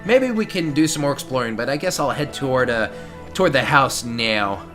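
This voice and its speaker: A man's voice: mid-range voice, expressive, normal speed, over music. A man giving casual, rambling gameplay commentary, amused and talking straight to his viewers. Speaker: let's play commentator.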